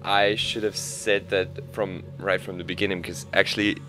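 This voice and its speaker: A man's voice: sits low, level tone, normal speed, pushed and bright, faint music behind. Hesitant man commenting on a game. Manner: hesitant, many fillers and restarts. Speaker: game player.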